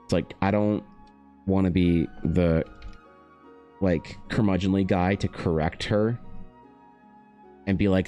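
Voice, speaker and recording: A man streaming while he paints, chatting casually in a rambling, profane way, his pitch leaping up now and then. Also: moderate pace, long pauses, mellow, soft background music. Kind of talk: casual livestream chat.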